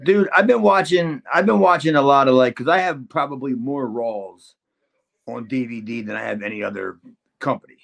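A man's voice: mid-range voice, moderate pace, gravelly, fairly bright tone. A man co-hosting a wrestling podcast in casual chat, rambling with lots of "dude" and "like". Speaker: podcast co-host.

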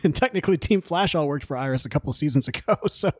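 A man hosting a casual podcast, animated and chatty, with many stammered restarts and laughs. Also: fairly high pitch, quick pace, dry recording, clean studio sound. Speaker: podcast host. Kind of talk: casual chat.

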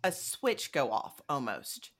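A woman hosting an interview podcast, chatty and enthusiastic, reacting warmly to her guest. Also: a bass voice, big pitch swings, slow pace. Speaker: podcast host. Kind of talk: casual interview chat.

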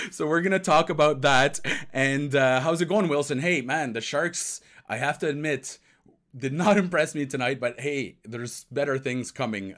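A man with a slightly high, somewhat bright voice hosts a live hockey podcast, chatting in an easygoing, rambling way. Now and then he drifts into French, catches himself, and carries on, switching between English and French.

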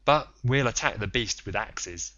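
A man's voice: fairly low pitch, animated, measured pace, pushed and bright, muffled recording. A man reading the part of a stern, resolute sea captain in a curt, matter-of-fact way, in an audiobook.

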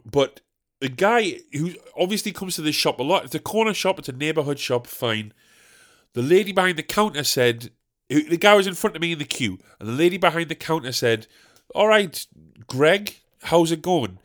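A man's voice: medium pitch, animated, moderate pace, fairly bright tone. A British man hosting a solo comedy podcast, ranting in a sweary, rambling way. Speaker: podcast host.

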